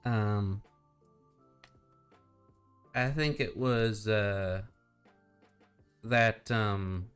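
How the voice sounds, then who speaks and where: A man voicing a nervous male townsman in a tabletop game, hesitant and full of pauses. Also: on the low side, steady tone, a bit bright, clean tone, faint music behind.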